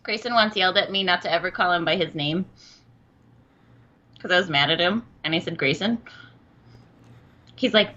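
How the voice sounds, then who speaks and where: A woman's voice: lowish voice, moderate pace, long pauses, sharp tone, lo-fi sound. A woman co-hosting a podcast in casual chat, giggly, swearing freely and acting out quotes. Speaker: podcast co-host.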